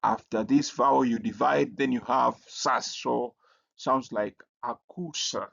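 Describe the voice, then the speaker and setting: A man teaching a recorded language lesson, pausing often with fillers and repeating the key rules. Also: medium pitch, fairly even intonation, vocal fry. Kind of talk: recorded lecture. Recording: dull lo-fi audio.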